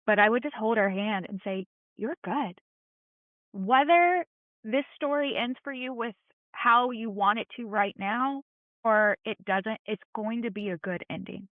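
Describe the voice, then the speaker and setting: A woman's voice: a little high, moderate pace, no echo. Podcast guest: woman, earnest and encouraging, over a dry, tinny phone-like line. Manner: earnest, encouraging, plain-spoken. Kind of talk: candid heartfelt conversation.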